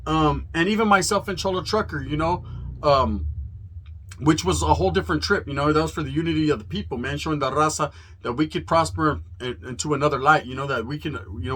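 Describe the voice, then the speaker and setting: A California man hosts a profane, fired-up fight promo monologue, speaking street slang sprinkled with Spanish words. His voice is medium-pitched and a bit bright.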